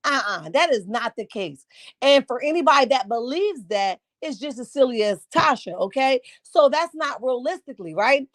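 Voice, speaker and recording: A woman's voice: high voice, lively intonation, moderate pace, no echo, studio quality. A woman hosting a casual live commentary stream from home, sassy and emphatic, often asking "right?". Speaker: livestream host.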